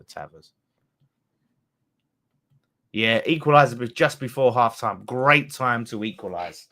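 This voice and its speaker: A fan channel host is running a live watchalong of a football match, chatting excitedly with his viewers. He swears freely and trades banter as the action happens, speaking at a medium pitch.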